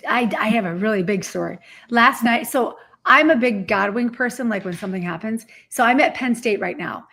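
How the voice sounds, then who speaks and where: A woman with a slightly high voice tells a story on a video call panel. She talks with excitement and acts out the lines of each person she quotes. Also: normal speed, gravelly.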